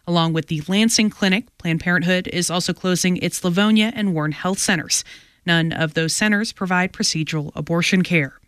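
A woman reading local radio news bulletins in a measured, even way. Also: on the low side, smooth, no echo, clean studio sound. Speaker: local newscaster.

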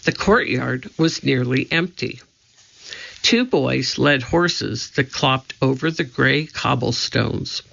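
A man reading a children's story aloud in a steady, scripted narration. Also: medium pitch, slow pace, gravelly. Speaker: audiobook narrator. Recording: slightly dull lo-fi audio.

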